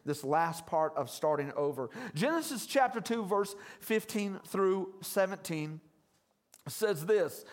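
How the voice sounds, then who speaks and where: A man with a notably high voice preaching a lively sermon. He calls out for the congregation to say words back to him. He drops in playful, conversational asides between the scripture readings. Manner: energetic call-and-response preaching, urging the congregation to repeat words; conversational and jokey, with casual asides. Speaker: pastor.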